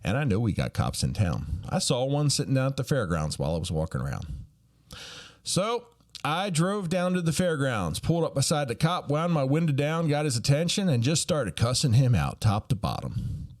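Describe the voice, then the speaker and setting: A young man with a drawl delivers a comedic storytelling monologue. His pitch swings widely as he builds each joke, and his tone stays folksy and conversational. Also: normal speed. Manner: folksy, animated, acts out quoted voices.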